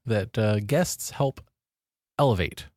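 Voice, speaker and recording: A man's voice: fairly low pitch, slow, darkish tone, no room sound, studio quality. A man hosting a comedy podcast, chatting casually and announcing the countdown. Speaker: podcast host. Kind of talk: casual chat, introducing segments.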